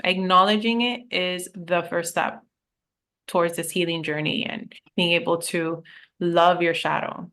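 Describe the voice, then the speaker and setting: Woman coach chatting on a podcast, candid and animated, kinda low voice, swears casually. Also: measured pace. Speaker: guest, life coach.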